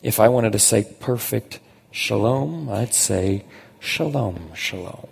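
A man preaching a conversational sermon as a pastor, emphatic and slowing down on key phrases. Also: lowish voice, lively intonation, creaky, husky, big-room sound.

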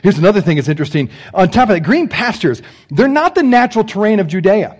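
A man with a fairly high voice delivers a sermon. He talks to his congregation casually, tossing in jokes, and swings from loud emphatic lines to hushed, soft phrases. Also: sing-song, fast talker. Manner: conversational, joking asides to congregation. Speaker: pastor.

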